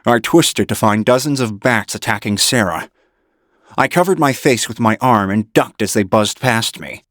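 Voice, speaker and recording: A man reading an audiobook in measured first-person narration. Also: lowish voice, a bit bright, no echo, studio quality.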